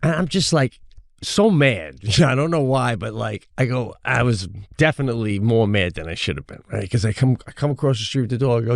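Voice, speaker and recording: A middle-aged man co-hosting a podcast, telling a story in a casual, animated way, swearing freely and acting out the people in it. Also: mid-range voice, a little fast, no echo, clean studio sound. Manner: animated, profane, acts out the people in his stories. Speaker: podcast co-host.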